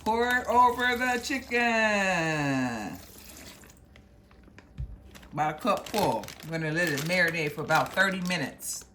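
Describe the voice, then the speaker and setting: A woman with a deep voice walks through a recipe step by step in a relaxed, homey way, calling her viewers y'all. Her kitchen carries a faint hum with boiling behind her. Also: measured pace, pauses often. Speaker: cooking show host. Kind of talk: casual cooking demonstration. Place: home kitchen.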